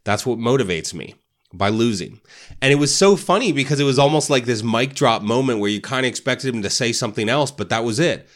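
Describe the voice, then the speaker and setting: A man's voice: medium pitch, fast talker, hardly any pauses. A man hosting a motivational talk for realtors, casual, often tagging "right?" onto his points. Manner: casual, keeps asking "right?". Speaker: real estate podcast host.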